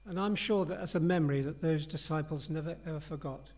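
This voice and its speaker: A man's voice: a little high, fast, darkish tone. A man preaching a sermon in an earnest, conversational and reflective way.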